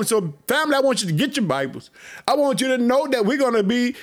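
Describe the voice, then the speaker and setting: A man preaching to his podcast listeners as pastor, excited and repetitive. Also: extremely high pitch, fast. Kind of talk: podcast sermon.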